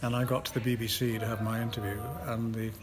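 Fairly low in pitch and quick, with little pitch movement, this older Scottish actor's voice carries through crowd noise and a noisy ambient backdrop. He's chatting casually in an interview, sharing anecdotes with self-deprecating chuckles.

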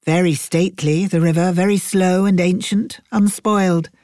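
A woman voicing a blunt, plain-spoken male companion with a steady manner. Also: high voice, normal speed, dry recording, studio quality, natural voice. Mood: admiring. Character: blunt, steady young companion, fond of running.

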